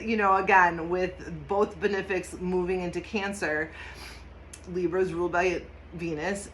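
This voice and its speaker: A woman's voice: mid-range voice, fairly bright tone, a little hiss or hum. A woman giving a casual, enthusiastic tarot and astrology reading, talking emphatically, swearing freely and laughing often. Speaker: tarot reader.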